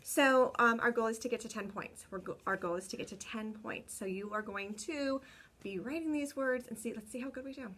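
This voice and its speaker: A young woman teaching kindergarten children remotely, talking slowly and clearly, repeating words and cheering them on. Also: a little high, fairly bright tone. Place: home room with a window.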